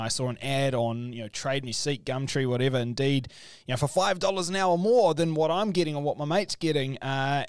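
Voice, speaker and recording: A man's voice: medium pitch, clean tone, dry recording, clean studio sound. A man co-hosting a podcast, chatting casually and joking around. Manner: quick, jokey, laughs often. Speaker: podcast co-host.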